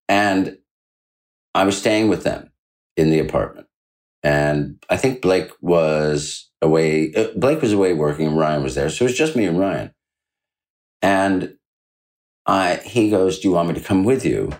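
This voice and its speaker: A middle-aged man, a guest on an interview, telling a story in a chatty way and acting out the quoted voices. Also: low-quality recording. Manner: animated anecdote-telling, acting out quoted dialogue with big jumps in pitch. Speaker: author and guest.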